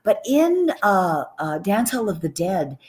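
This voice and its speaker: Lively, chatty woman novelist on radio. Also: mid-range voice, slow pace. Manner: animated, chatty, restarts phrases often. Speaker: novelist guest. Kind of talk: casual radio interview.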